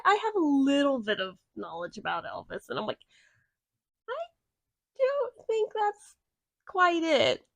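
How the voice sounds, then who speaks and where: A young woman talks through a movie review in a casual, blunt way, with plenty of sarcasm and swearing. Her voice sits a little higher than most, and the recording is dry and close with no room sound. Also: dry recording.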